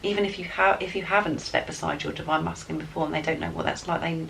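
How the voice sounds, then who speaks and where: An enthusiastic woman reads tarot cards and gives spiritual guidance, talking straight to her viewers with a lot of excitement. Her voice sits on the low side and has a gravelly edge. The mic is some way off, and faint noise hums underneath her. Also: fast talker, recorded from a distance, poor audio. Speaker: tarot card reader. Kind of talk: spiritual guidance reading to camera.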